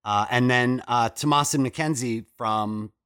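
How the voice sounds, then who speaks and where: A man's voice: medium pitch, fairly bright tone, clear, resonant tone, dry recording, studio quality. A man co-hosting a casual movie podcast, joking and swearing as he talks through a film. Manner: jokey, swearing, quick asides. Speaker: podcast co-host. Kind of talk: casual movie review chat.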